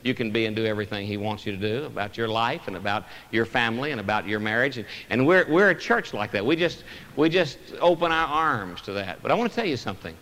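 A man's voice: medium pitch, animated, quick pace, a bit bright, long reverb tail. A man preaching a sermon as pastor of a church, earnest and emphatic, pressing each point home. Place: church sanctuary.

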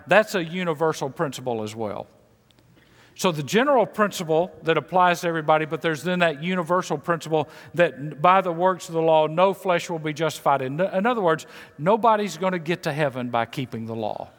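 A man's voice: fairly high pitch, fairly bright tone, long reverb tail. A man pastor preaching a sermon with an emphatic, repetitive cadence.

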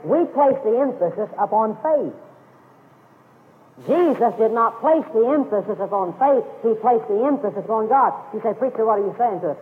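A man with a high voice delivers an emphatic sermon, driving his points home by repeating key phrases. His voice has a long reverb tail, as if he is in a big sanctuary. The sound is thin and narrow, like an old phone-line radio broadcast. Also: animated, moderate pace. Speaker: preacher.

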